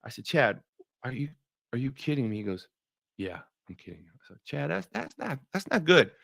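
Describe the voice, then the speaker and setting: A man hosting a faith-based talk show, telling stories in an animated way, often repeating words and laughing. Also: mid-range voice, a little fast, creaky, dry recording, studio quality. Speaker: show host.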